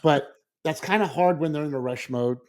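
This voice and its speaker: A man in casual podcast chat, a school librarian telling an animated story and acting out his own reactions. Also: on the high side, normal speed.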